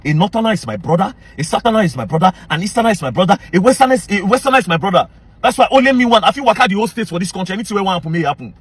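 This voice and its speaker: Brief: Nigerian man with a Pidgin-inflected accent, rapid-fire and confrontational, dry close sound. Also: high-pitched, expressive, a bit bright, breathy edge, dry recording. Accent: Nigerian Pidgin-inflected English. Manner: confrontational, heated, mixes English with Pidgin. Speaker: social media commentator. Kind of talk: angry direct-to-camera rant.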